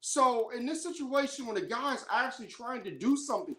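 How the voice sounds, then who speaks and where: Heated, high-voiced woman ranting on sports. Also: lively intonation, a little fast, fairly bright tone. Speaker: sports show host. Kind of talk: opinionated sports commentary monologue.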